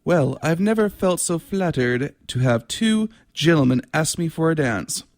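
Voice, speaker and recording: A polite, flattered young woman at a ball, as a man reads her lines. She speaks graciously and with courtesy. The voice stays gravelly and slow. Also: a little high, dry recording, clean studio sound, pitched above the performer's own voice.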